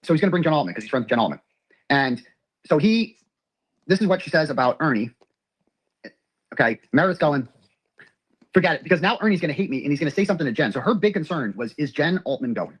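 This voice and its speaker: Male, high voice, very fast talker, profane ranting monologue reading texts aloud. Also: sing-song, breathy edge. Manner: rapid, profane, reads messages aloud. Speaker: man recounting his ex's messages.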